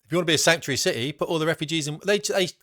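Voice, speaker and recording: A man's voice: a little high, rapid-fire, a bit bright, no room sound, clean studio sound. A middle-aged man from Britain giving blunt, emphatic, slangy commentary as a vlogger. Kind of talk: opinionated commentary.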